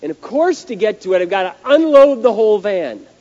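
A man preaching a sermon as pastor, telling a story in an animated, emphatic way, on a dull lo-fi recording. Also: high-pitched, fairly quick.

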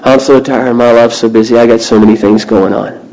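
A man voicing a weary, overbusy young male college student who sighs and complains, a little lower and softer than his own voice. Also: fairly even intonation, a little fast, a little hiss or hum, natural voice, low-quality recording. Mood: worn out. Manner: sighing, complaining.

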